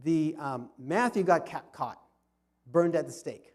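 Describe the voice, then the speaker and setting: A man's voice: fairly high pitch, lively intonation, measured pace, darkish tone. A man giving an informal history talk in a fellowship hall, telling the story with frequent restarts and repeated words. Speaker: history club speaker.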